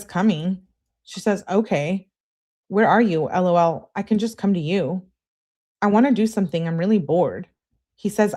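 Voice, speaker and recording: Lower-voiced woman reading texts aloud. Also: a little mellow. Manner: casual, narrates who says what before each message. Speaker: livestream host. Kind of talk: reading text messages aloud with commentary.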